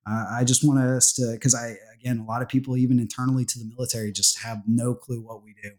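A man's voice: medium pitch, level tone, fast talker, darkish tone. A man as a podcast guest, telling stories in a casual, rambling way with many fillers and restarts. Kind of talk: casual conversational interview.

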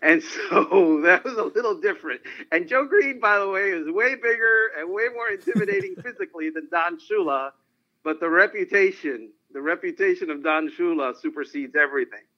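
Male guest, slightly high voice, animated anecdotes, muffled lo-fi audio. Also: moderate pace. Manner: animated anecdotal storytelling, frequent laughs. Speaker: sportswriter guest. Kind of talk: phone-in interview storytelling. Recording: dull lo-fi line.

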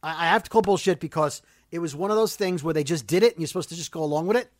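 A man hosting a casual chat that recaps a TV episode, talking fast and ranting about plot holes. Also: a little high, no room sound, clean studio sound. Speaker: podcast host recapping a TV episode.

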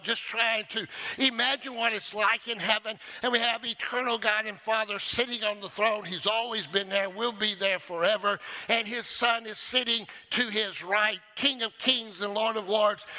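A man's voice: high-pitched, pushed and bright. A man preaching a sermon as pastor, emphatic, calling on the congregation for a response.

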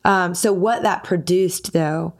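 Speaking slowly in a fairly low register, a singer who hosts a podcast shares a personal anecdote in relaxed chat. Whenever she quotes herself, she performs the lines with animated voices.

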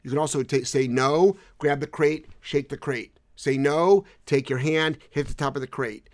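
A man with a gravelly edge to his voice answers viewer questions in a loose live-stream chat. He is blunt and jokey and swears freely. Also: on the high side, moderate pace. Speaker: dog trainer co-host.

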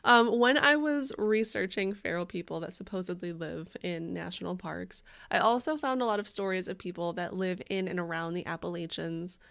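A woman's voice: mid-range voice, creaky, fairly bright tone. A woman co-hosting a podcast in casual chat, swearing freely and laughing often. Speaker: podcast co-host.

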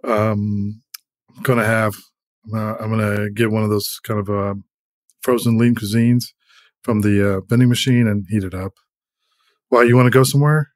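A man playing a tired office worker in an improv comedy scene. He mumbles in a low, hesitant way. The sound is dry and close. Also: steady tone, moderate pace, long pauses, dry recording. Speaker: improv performer.

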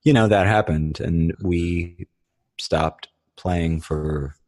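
A man's voice: low-pitched, slow pace, a little mellow. A man, a touring band musician, telling stories in casual chat, rambling and full of "like" and swearing.

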